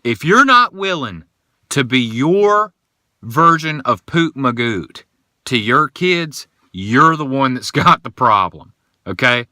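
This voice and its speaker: A man hosting a casual solo podcast, telling rambling, animated stories. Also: mid-range voice, slow pace, no echo, clean studio sound. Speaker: podcast host.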